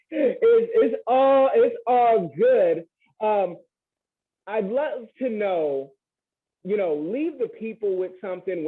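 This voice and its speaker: A man's voice: high-pitched, breathy edge. A man hosting a podcast interview, chatting casually with jokes and folksy asides to his listeners. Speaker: podcast host. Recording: tinny phone-like line.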